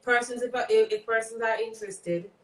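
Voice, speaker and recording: A woman's voice: fairly high pitch, fairly even intonation, moderate pace, fairly bright tone. A woman with a Jamaican accent, hosting a livestream and chatting in an encouraging, reflective way. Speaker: livestream host. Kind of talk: casual chat on a livestream. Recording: echoey, distant mic with faint noise.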